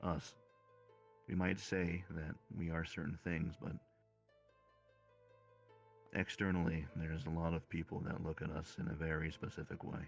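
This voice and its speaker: Low gravelly guy role-playing at the table, slow and deliberate, pretty monotone. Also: soft background music. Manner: measured, deliberate, explains at length. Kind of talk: in-character tabletop role-play.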